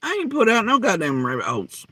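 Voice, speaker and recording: A man's voice: high voice, huge pitch swings, fast, sharp tone, no room sound. A man ranting angrily and profanely in reaction to clips, mocking and heated. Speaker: commentary host. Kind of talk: angry reaction rant.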